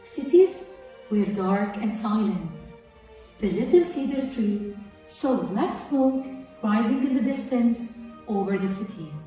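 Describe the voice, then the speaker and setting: A teacher reading a children's story aloud slowly and softly. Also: female voice, mid-range voice, expressive. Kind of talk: storybook narration. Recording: echoey room, far from mic, faint music.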